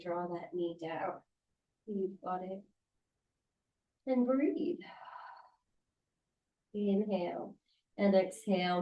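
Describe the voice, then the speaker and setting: A woman's voice: medium pitch, mellow. Soothing woman guiding a yoga class. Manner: soothing, encouraging, unhurried cues. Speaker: yoga teacher. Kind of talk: guided yoga class instruction. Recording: roomy sound from a distance.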